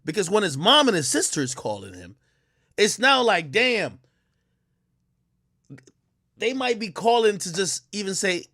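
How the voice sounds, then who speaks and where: A man hosting a reaction stream, talking casually and explaining his view as he goes. His voice sits a little high for a man, and the recording is close and dry with no room sound. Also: big pitch swings, a little slow, long pauses, pushed and bright, dry recording. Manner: casual, explanatory, repeats "you know" and "like". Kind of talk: casual commentary on a clip.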